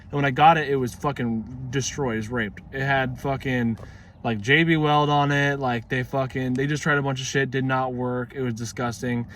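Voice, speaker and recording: A man's voice: medium pitch, steady tone, normal speed, fairly bright tone, a little hiss or hum. A young man talking casually to his vlog audience, rambling and swearing freely in a laid-back way. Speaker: vlogger.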